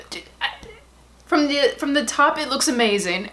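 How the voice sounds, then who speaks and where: A woman with a slightly high voice hosts a casual unboxing vlog. She talks in a gushing, excitable way, gasping and squealing as she goes. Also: normal speed, pauses often, slight background noise. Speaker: YouTube unboxing host.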